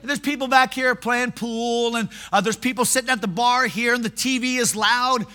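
A male preacher delivers a sermon in an animated, self-mocking storytelling style. His voice sits very high and sounds very bright and sharp. He moves quickly through his stories and laughs at himself along the way. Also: soft background music.

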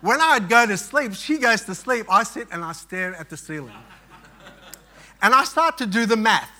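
High, bright-voiced man preaching a sermon. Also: very animated. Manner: storytelling, halting with many restarts and fillers. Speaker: pastor.

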